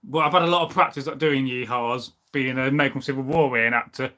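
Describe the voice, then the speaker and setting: A man's voice: medium pitch, fairly even intonation, fast, sharp tone. A man hosting a live stream and reading the chat aloud, talking in a rambling, opinionated way with plenty of fillers.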